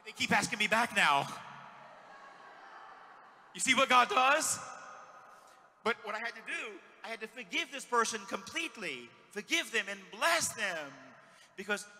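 A middle-aged male priest preaching a sermon, swinging from shouts to hushed words as he tells stories. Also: very high-pitched, lively intonation, measured pace, long pauses. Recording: long hall reverb.

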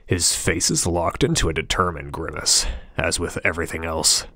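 Very deep-voiced male audiobook narrator. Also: steady tone, normal speed, sharp tone, dry recording, studio quality. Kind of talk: scripted first-person audiobook narration.

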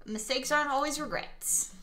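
A young woman playing a chat game, reading messages aloud and swearing as she gets loud and exasperated. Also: sits high, normal speed. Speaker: gaming streamer. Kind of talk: let's play commentary, reading chat aloud.

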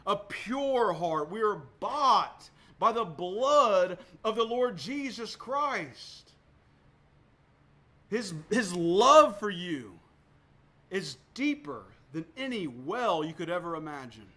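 A man preaching a sermon as pastor, emphatic, with sharp swings between loud and soft, often repeating words for emphasis. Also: sits high, sing-song, takes it slowly.

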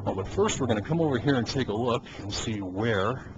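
A man's voice: medium pitch, brisk. A man giving an easygoing, hands-on demonstration beside a car engine, coaching helpers and chuckling often. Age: adult. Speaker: conversion kit installer. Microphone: camcorder microphone. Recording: dull lo-fi camcorder audio with steady noise.

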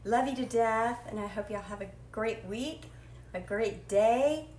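Woman cooking-show host, bright and chatty, self-deprecating, slightly high voice, echoey kitchen. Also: a little slow, a little hiss or hum. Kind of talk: live cooking stream chat. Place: home kitchen. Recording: echoey kitchen with faint clatter.

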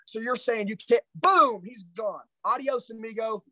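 A man's voice: very high voice, unhurried, hardly any pauses, sharp tone, dry recording, low-quality recording. A middle-aged man giving a live motivational sales training, intense, confrontational and profane.

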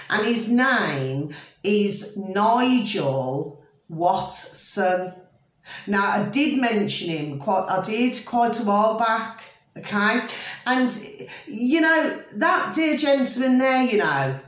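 A woman talking casually to her followers, rambling and repetitive, exasperated but affectionate, often asking if they follow her. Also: medium pitch. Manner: rambling, repetitive, keeps checking listeners follow. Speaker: vlogger. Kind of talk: casual ranting monologue. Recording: echoey room.

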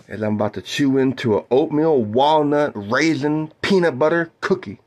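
A man doing live play-by-play of a basketball game for his stream, whooping and shouting on big plays and chatting mellowly with his viewers between plays. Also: mid-range voice, normal speed, few pauses.

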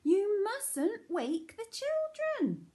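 A whispered role-play of small hushing animals that scold Santa, put on by a woman reading a picture book. The hush is high and slow, with a lively rise and fall. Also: exaggerated voice. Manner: hushed and scolding.

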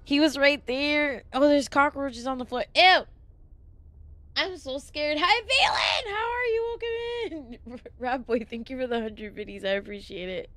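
A woman's voice: high-pitched, normal speed, a bit bright, dry recording. A young adult woman streaming a horror game live, easily spooked and swearing, chatting to viewers and thanking them between frights. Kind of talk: casual live gameplay streaming.

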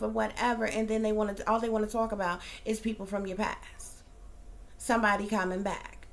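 A woman's voice: mid-range voice, little pitch movement, brisk. A middle-aged woman, ranting bluntly and profanely, firing off rhetorical questions. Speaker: psychic reader. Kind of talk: ranting monologue.

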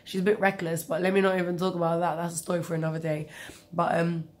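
Young woman with a cold, slightly low voice, rambling storyteller. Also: flat delivery, fast. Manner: chatty, rambling with asides. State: has a cold, coughing. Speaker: vlogger. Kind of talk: casual storytelling.

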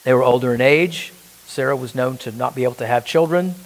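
A man's voice: medium pitch, fairly quick, long reverb tail, poor audio. A man preaching a sermon as pastor, emphatic, asking the congregation rhetorical questions. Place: church.

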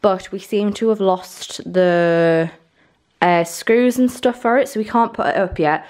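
A woman's voice: medium pitch, unhurried, darkish tone. Chatty young woman vlogging at home. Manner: chatty and rambling, many "like" fillers. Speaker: lifestyle vlogger. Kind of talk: casual vlog chat to camera. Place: indoors in a newly moved-into house.

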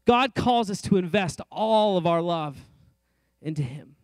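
A man's voice: high-pitched, animated, a little slow, no room sound. A middle-aged man preaching a sermon in a church, earnest and conversational with light self-deprecating asides. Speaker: pastor. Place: church sanctuary.

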